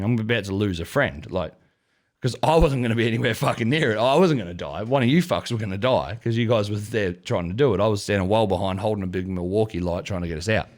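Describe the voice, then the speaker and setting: A young Australian man with a slightly low voice tells a rambling story on a casual podcast. He swears constantly, and his talk is rowdy and loose. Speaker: podcast co-host.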